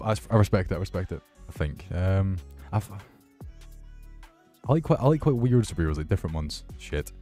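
Young man, lowish voice, excitable sweary gameplay commentary, faint music behind. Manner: excitable, sweary banter with viewers. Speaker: gaming YouTuber.

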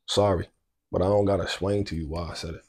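A man in his thirties with a very low voice and a soft, mellow tone speaks in an easygoing way. He offers encouragement, and his sentences often trail off or restart. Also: fairly even intonation, fast talker. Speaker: husband and co-host. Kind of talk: casual chat.

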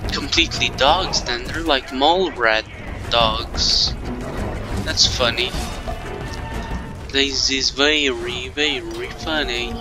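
This let's-play features a man with a mid-range voice, joking playfully and taunting enemies in the game. Game music runs beneath his commentary, and the recording is low quality.

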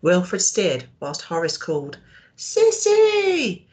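A woman teacher reading a storybook aloud to young children, expressive and asking them questions. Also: on the low side, measured pace.

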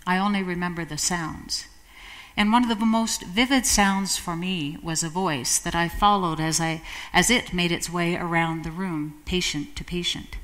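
A woman giving a sermon in a measured, reflective manner, slowing down for emphasis. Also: lowish voice, fairly bright tone. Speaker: preacher. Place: church. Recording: long church reverb.

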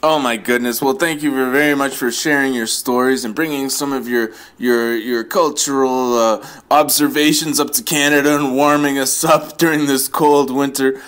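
Male comedy podcast host, deadpan mock-formal delivery, bright tone. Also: mid-range voice, normal speed, hardly any pauses. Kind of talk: comedy sketch.

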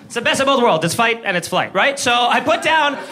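A man doing an animated stand-up comedy set, swearing freely, laughing and shouting his punchlines. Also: very high voice, fairly quick. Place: comedy club stage before a live audience. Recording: live club room with audience laughter.

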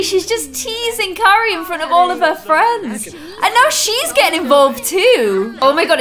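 A young woman talks through her gameplay in a bright, high voice that swings up and down constantly. She gasps, teases and scolds the characters on screen like a fond onlooker. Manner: animated, gasping, teasing asides to players. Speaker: let's play host. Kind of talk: casual gameplay commentary.

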